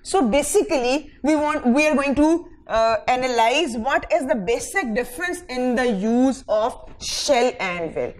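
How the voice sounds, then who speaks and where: Slow high-voiced woman lecturing on grammar. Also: animated, low-quality recording. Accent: Pakistani English. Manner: slow, deliberate, dictates example sentences word by word; checks in with "fine" between points. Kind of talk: recorded classroom lecture.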